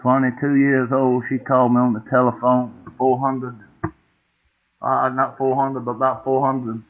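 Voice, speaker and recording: Folksy preacher on tinny tape. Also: male voice, medium pitch, level tone, a little slow. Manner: folksy, homespun, asks the congregation questions. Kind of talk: sermon storytelling. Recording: tinny phone-like old tape.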